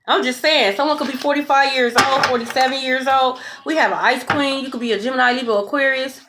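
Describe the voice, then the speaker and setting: Woman tarot reader, high voice, sassy and profane, faint hiss behind. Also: quick pace. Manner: blunt, profane, sassy and animated; repeats "okay?" often. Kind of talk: casual tarot reading.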